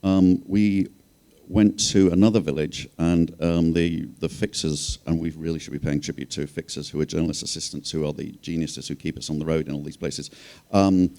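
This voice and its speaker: A man with a notably deep, low-pitched voice talks on a panel stage. He tells his stories in a wry, rambling way, padded with fillers and asides. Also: fairly even intonation, normal speed, gravelly, dark tone. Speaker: journalist and panel speaker. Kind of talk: panel talk, storytelling.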